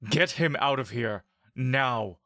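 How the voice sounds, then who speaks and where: A battle-worn warrior barks urgent commands at his younger brother, as a man voices him. The voice sits a little higher than a plain speaking tone and carries stern authority, with a dry, close recording. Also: expressive, slow, no room sound, heavily acted. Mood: urgent commanding. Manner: commanding, urgent, shouted orders.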